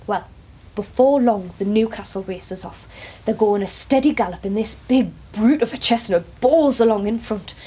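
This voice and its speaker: A woman, performing a dramatic monologue as a care worker who shifts between quiet asides and excited outbursts. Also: mid-range voice, normal speed, slightly rough.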